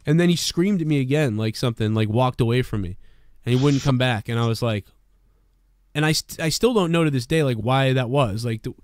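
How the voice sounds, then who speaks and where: Like a podcast co-host among friends, a man tells a rambling, loose story packed with swearing, speaking animatedly at a brisk clip. His voice is medium in pitch, and the sound is dry and close with no echo or room around it.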